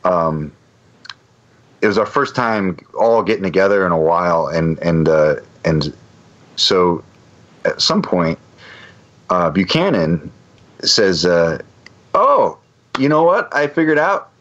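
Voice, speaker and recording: A man's voice: low-pitched, expressive, slow pace, pauses often, a bit bright, muffled recording. A man telling a long story on a podcast, rambling with many restarts and fillers. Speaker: podcast guest. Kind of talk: casual storytelling.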